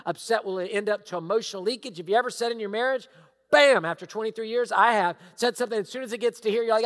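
A middle-aged male pastor giving a sermon, emphatic and repetitive, sometimes dropping into hushed asides. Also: high voice, fast. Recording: long hall reverb.

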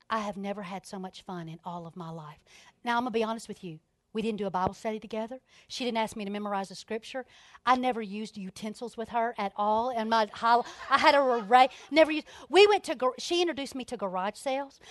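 Middle-aged woman, high-pitched, animated church storyteller, dry close sound. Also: dry recording. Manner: animated, laughing storyteller with sudden soft asides. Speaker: speaker at a women's ministry event. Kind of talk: storytelling talk to a church audience.

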